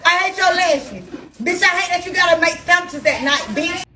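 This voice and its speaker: A woman putting on the voice of a spiteful, crude hater, shrill and mocking. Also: moderate pace, noisy background.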